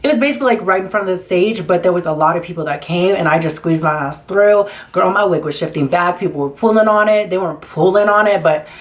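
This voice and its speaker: A woman's voice: lowish voice, quick pace, hardly any pauses. A young woman vlogger telling a story in a casual, chatty way, swearing freely and acting out the dialogue as she goes.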